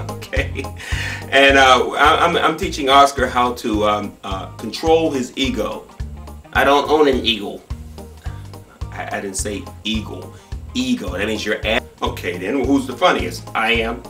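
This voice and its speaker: Rambling comedy host in an echoey room. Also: male voice, mid-range voice, measured pace, bright, forceful tone, distant mic, faint music behind. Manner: joking, rambling with restarts. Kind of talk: improvised comedy banter.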